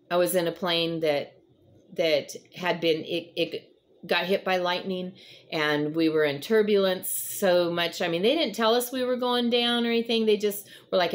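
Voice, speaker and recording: Earnest woman hosting a devotional chat. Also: on the low side. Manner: conversational, rambling with frequent fillers; earnest, encouraging. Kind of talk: casual devotional talk.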